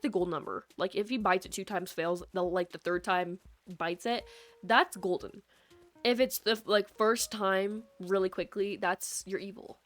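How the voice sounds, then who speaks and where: A young woman with a Midwestern American accent chats loosely into a USB mic as she streams a game. Her voice sits at an ordinary middle pitch, and she rambles from thought to thought with plenty of "like". Soft lofi music plays low underneath. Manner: rambling, chatty, peppered with "like". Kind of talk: casual gameplay chat. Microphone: USB microphone.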